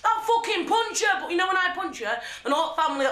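A woman's voice: extremely high pitch, lively intonation, fast talker, hardly any pauses, pushed and bright. A young woman filming her own video diary, blunt, sweary and agitated, talking into a handheld camera she holds herself. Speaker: documentary subject. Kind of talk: self-filmed video diary. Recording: echoey handheld camera sound.

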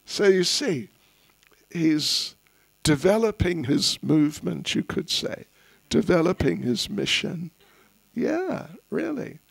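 A man giving a spiritual festival class, telling a story in an unhurried, anecdotal way and chuckling at his own asides. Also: a little high, very animated, gravelly, breathy edge, no echo, studio quality. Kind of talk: storytelling sermon.

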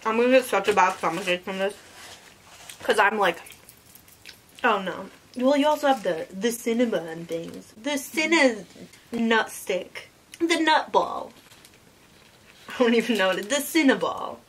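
A woman's voice: mid-range voice, animated, a little slow, long pauses, slight background noise. A young woman hosting a casual eating vlog, teasing her friend and talking with her mouth full. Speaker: vlogger host. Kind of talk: casual chat while eating.

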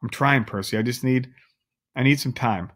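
A man voicing a gentle, worried mother who speaks softly and pleadingly. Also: mid-range voice, moderate pace, natural voice. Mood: anxious.

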